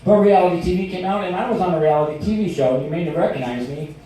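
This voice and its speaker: A middle-aged man doing a stand-up comedy set in a restaurant, telling stories in an animated way and acting out shouted quotes. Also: high-pitched, rapid-fire, slight background noise. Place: restaurant performance space. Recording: very echoey room recorded from a distance.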